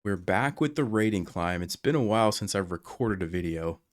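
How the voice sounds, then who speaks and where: A man's voice: low voice, animated, normal speed, dry recording, studio quality. A young man talking through his own chess game as he plays it, his voice still recovering after he lost it while sick. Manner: explains moves aloud as he plays. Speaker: chess streamer. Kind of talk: casual game commentary.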